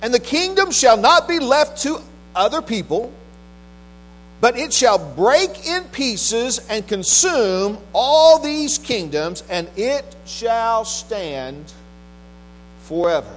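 Lively-voiced preacher reading scripture. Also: male voice, very high-pitched, faint music behind, poor audio. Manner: measured, solemn reading with restarts in plain talk. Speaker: pastor. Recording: faint mains hum.

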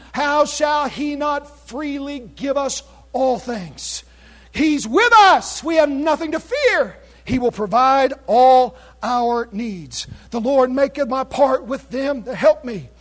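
A male preacher with a very high voice delivers a sermon that is losing its strength, since he is losing his voice. He reads old scripture in a measured way and breaks into shouted exclamations to his congregation. His high pitch stays the same throughout. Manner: reads scripture in King James wording.

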